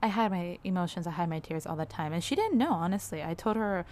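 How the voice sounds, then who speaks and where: Young woman, low-pitched, candid personal vlog, rambling, soft laughs. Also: animated, fast talker, slight background noise. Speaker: vlogger.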